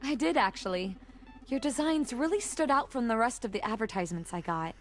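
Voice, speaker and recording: A man voicing a polite, gracious young woman in a soft, gentle read. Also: extremely high pitch, animated, fairly quick, faint music behind, pitched above the performer's own voice. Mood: sweet.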